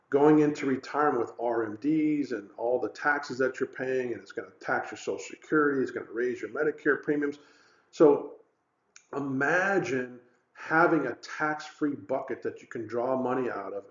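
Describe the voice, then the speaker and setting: A man's voice: medium pitch, roomy sound, lo-fi sound. A man hosting a retirement webinar as a financial advisor, talking in a loose, conversational way and telling stories with lots of fillers. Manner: conversational, animated storytelling with many fillers. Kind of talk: webinar presentation.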